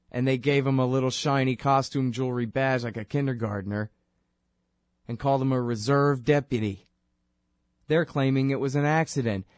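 A man's voice: mid-range voice, dry recording, clean studio sound. A man hosting a political commentary show, talking in a sarcastic, impassioned way. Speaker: show host.

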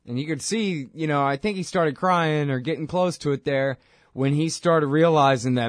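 A man's voice: fairly high pitch, moderate pace, no room sound, clean studio sound. A man hosting a video commentary, talking in a casual, conversational way with fillers. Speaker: host.

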